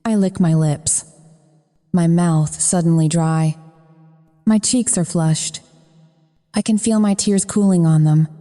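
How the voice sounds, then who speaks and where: Low-voiced woman narrating an audiobook. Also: steady tone, slow, long pauses, dark tone, soft background music. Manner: frank and profane. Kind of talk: first-person romance audiobook narration. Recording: long reverb.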